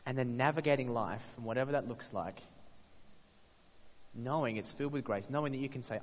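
Guy preaching a sermon, earnest, gets loud then goes quiet, mid-pitched voice, big echoey hall. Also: animated, fairly quick. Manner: earnest, rising to emphatic peaks then dropping soft.

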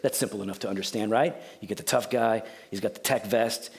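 A pastor giving a sermon in a joking, conversational, storytelling manner. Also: male voice, on the low side, steady tone, fast talker, vocal fry, few pauses.

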